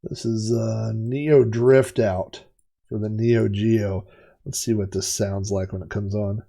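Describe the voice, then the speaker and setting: A man's voice: lowish voice, level tone, slow pace, creaky, mellow. A middle-aged man streaming retro racing games, chatting in a rambling way and cracking dad jokes. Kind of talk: casual live-stream commentary.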